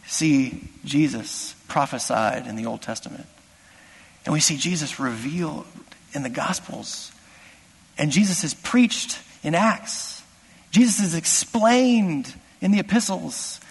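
Male pastor with a high voice, delivering a passionate sermon that swings between loud and hushed, recorded in a reverberant hall. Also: slow, gravelly, breathy edge. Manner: impassioned, swings from loud exclamations to hushed asides.

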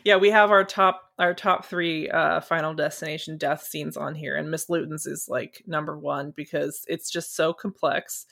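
A woman with a somewhat low voice chats casually as a podcast co-host. She retells a film scene in a loose, rambling way, with lots of fillers, swearing and laughter. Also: steady tone, normal speed, vocal fry, hardly any pauses, a bit bright. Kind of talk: casual movie chat.

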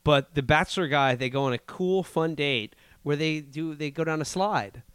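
Deadpan, snarky young man co-host. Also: on the high side, normal speed, clear, resonant tone, no echo. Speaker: podcast co-host. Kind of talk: casual recap chat.

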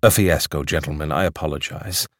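Storybook reading: male narrator doing a deep-voiced idealist orator, fervent and grand. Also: fairly quick, no echo, clean studio sound. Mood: rueful. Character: impassioned idealistic man preaching bee liberation. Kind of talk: audiobook character reading.

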